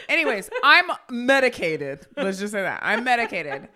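Brash, bright-voiced woman cracking jokes. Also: medium pitch, big pitch swings, normal speed. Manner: blunt, profane, punchy put-downs. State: a little drunk. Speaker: podcast co-host. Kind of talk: casual comedic chat.

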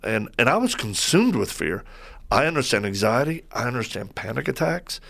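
A man as a guest on a faith talk show, telling stories in a lively way and acting out what people said. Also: mid-range voice, moderate pace, gravelly. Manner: lively storyteller who acts out quoted voices.

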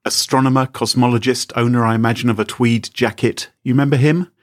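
A man's voice: medium pitch, fairly even intonation, a little fast. A man co-hosting a podcast in casual chat, playful and teasing as he tells a story. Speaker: podcast co-host.

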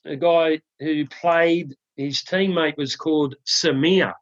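A man co-hosting a podcast, telling a joke in a relaxed, halting way with many ums and restarts. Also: fairly high pitch, no echo. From Australia. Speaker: podcast co-host. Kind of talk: casual chat, telling a joke. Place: home studio in the UK. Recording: dry, slightly dull sound.

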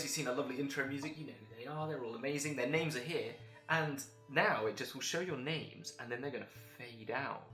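A man runs a tabletop game, chatty and laughing at himself. His voice is bright and forceful. The room around him is roomy and echoey. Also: mid-range voice. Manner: chatty, laughs often, self-deprecating. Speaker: game master and host. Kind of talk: casual chat, running a tabletop game.

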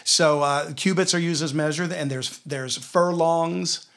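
Man, Southern US accent, Bible teacher, storytelling, slightly high voice, slows for scripture. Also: fairly even intonation, vocal fry, a bit bright. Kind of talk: conversational Bible lesson.

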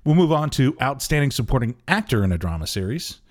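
A man co-hosting an awards-prediction chat, easygoing and pausing often with "uh" and "um". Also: medium pitch, big pitch swings. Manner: easygoing, fills pauses with "uh" and "um". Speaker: podcast co-host. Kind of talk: casual chat.

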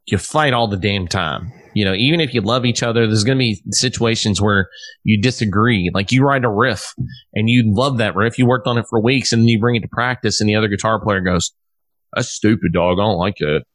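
A man's voice: on the low side, a little fast, a bit bright, no room sound. A man hosting a casual podcast chat, rambling and swearing freely with lots of restarts. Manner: rambling and profane, with many restarts. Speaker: podcast host, musician.

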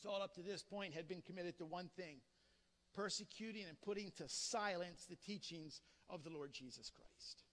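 Man preaching, slow deliberate pace, bright tone, rhetorical questions, long hall reverb. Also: high-pitched. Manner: dramatic preaching with rhetorical questions, swinging loud and soft. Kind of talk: sermon.

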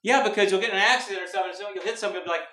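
His voice sits high and sounds bright and forceful, racing along with fairly even intonation as this Californian stand-up from Mountain View pokes fun at himself in a rambling club set. It's a roomy live recording with background noise.

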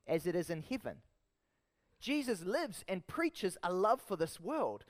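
A man with a New Zealand accent delivers a sermon in a high, light voice. He preaches with lively emphasis, often turning to the congregation with rhetorical questions. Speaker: pastor.

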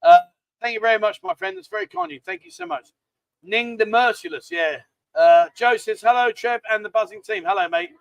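A man's voice: extremely high pitch, lively intonation, a little fast, creaky, dry recording, muffled recording, soft background music. A middle-aged man with a London accent hosting a live stream, chatty, jokey and rambling. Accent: London English. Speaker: livestream host. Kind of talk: casual chat.

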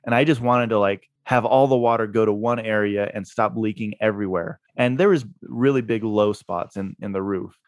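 A man's voice: lowish voice, normal speed, hardly any pauses, no room sound, studio quality. A man being interviewed, telling a story in a laid-back way and laughing at himself. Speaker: guest, real estate investor.

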